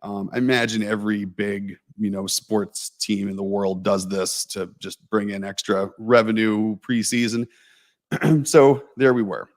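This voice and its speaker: A man with a fairly low voice spins a long, self-mocking story on a casual livestream. He rambles, restarts his sentences and leans on fillers as he goes. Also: fairly even intonation, a little slow. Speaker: co-host telling a story.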